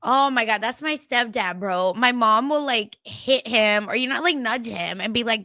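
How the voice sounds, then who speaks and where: Young woman from India, podcast co-host, high bright voice, animated and chatty. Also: moderate pace, hardly any pauses, no echo, clean studio sound. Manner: animated, laughing, acts out family quotes. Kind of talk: casual chat.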